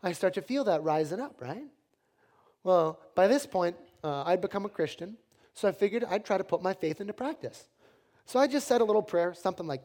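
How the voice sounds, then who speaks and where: A male preacher giving a sermon with a personal story, joking at his own expense. His delivery is animated, rising loud and dropping quiet. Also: high voice, fairly quick. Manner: animated, self-deprecating humor.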